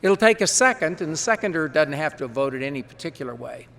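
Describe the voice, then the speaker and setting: A man who serves as parliamentarian, briefing a large assembly on procedure in a folksy, quick way with chatty asides. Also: a little high, expressive, creaky, a bit bright. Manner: folksy, quick-talking, explains rules with asides. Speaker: parliamentarian advising delegates. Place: large conference hall.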